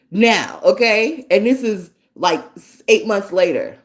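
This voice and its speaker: A woman hosting a podcast, telling stories in a blunt, profane, animated casual monologue. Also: medium pitch, measured pace, hardly any pauses. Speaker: podcast host. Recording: echoey room.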